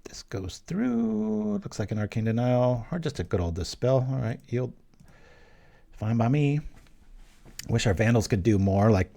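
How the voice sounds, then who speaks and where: This commentator's voice sits on the low side and has a dark tone. He chats his way through a card game he's playing, rambling, joking, and adding casual asides between plays.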